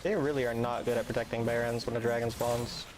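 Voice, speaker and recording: A young man streams a game live and chats casually with his viewers, reading their messages aloud and cracking dry jokes in a laid-back way. His mid-range voice moves little in pitch and comes quickly, with music playing in the background.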